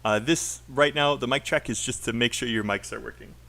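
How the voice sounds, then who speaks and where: A man's voice: medium pitch, a little fast, sharp tone. Encouraging British male teacher. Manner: patient, encouraging, drills sentences aloud. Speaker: IELTS teacher. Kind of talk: live online class.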